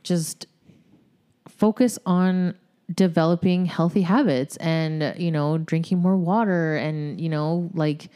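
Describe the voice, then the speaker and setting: A woman with a deep, warm voice chats casually as a guest. She laughs often and drifts into fillers, and her tone stays relaxed. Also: takes it slowly, clean tone. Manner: chatty, laughs often, trails off with filler words. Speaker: guest, CrossFit member. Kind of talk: casual chat.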